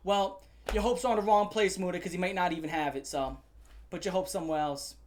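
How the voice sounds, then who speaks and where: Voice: medium pitch, fairly even intonation, fairly quick. A commentary host ranting angrily, swearing often and repeating phrases for emphasis. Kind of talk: profane angry rant.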